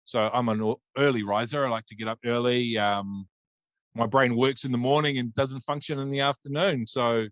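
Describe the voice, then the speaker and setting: A man's voice: medium pitch, steady tone, moderate pace, fairly bright tone, no echo, muffled recording. A man hosting a casual podcast interview, rambling with many ums and restarts. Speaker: podcast host. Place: Auckland, New Zealand.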